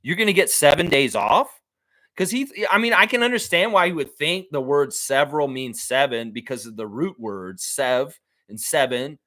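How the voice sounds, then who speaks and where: A man's voice: normal speed, no echo. A man hosting a basketball fan live stream, chatting casually, reading viewer comments and ranting with the odd swear. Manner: animated, jumps into high-pitched mock voices when quoting people.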